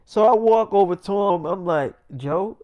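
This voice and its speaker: Animated man retelling a story. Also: sits high, normal speed, clear, resonant tone, dry recording, dull audio. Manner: animated, profane, acts out each voice. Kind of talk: casual comedic retelling.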